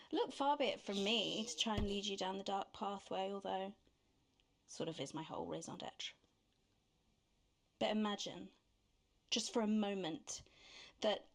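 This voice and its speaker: A woman's voice: mid-range voice, lightly acted. An actress voicing a scheming, mocking news anchor in a game, sly and seductive in her delivery. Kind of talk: game voice acting.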